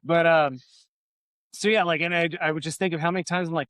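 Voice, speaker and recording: A man co-hosting a podcast tells long, profane stories in loose, rambling, casual chat. He talks fast in a slightly high, a bit bright, smooth voice, with no echo.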